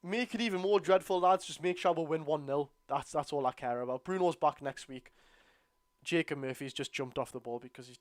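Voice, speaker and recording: A tired Geordie man hosting a live football watchalong, bursting out at the referee and grumbling low between plays. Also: fairly quick, no echo, clean studio sound. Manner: excitable outbursts at the referee, then low grumbling asides. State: tired, yawning. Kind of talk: live football watchalong commentary, reading chat.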